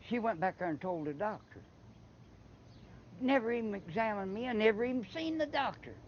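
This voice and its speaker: A man's voice: sits high, expressive, a little fast. Rambling old Appalachian man storyteller. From Eastern Kentucky. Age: older. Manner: rambling, repeats and restarts words. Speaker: interviewee. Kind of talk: casual storytelling. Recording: slightly muffled with faint background noise.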